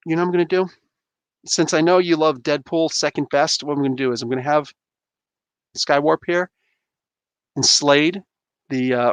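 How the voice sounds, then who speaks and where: A man in his thirties hosting a casual livestream chat from home on a headset mic, rambling and animated with lots of fillers and restarts. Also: on the high side, clear, resonant tone, dry recording. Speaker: livestream host. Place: home room. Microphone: gaming headset.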